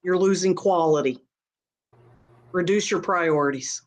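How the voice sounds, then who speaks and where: A woman's voice: on the low side, unhurried. A woman, a psychic reader and co-host, giving direct advice in casual chat and repeating her points plainly.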